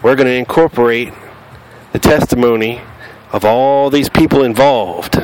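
A man's voice: mid-range voice, normal speed, a little mellow, slight background noise. A man with a Southern US accent hosting a podcast, talking bluntly and combatively and cussing freely. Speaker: podcast host. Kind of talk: casual podcast monologue.

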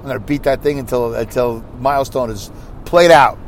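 A man hosting his own podcast, reading listener comments aloud in a rambling, animated way with mocking asides. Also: mid-range voice, brisk, a little hiss or hum. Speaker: podcast host.

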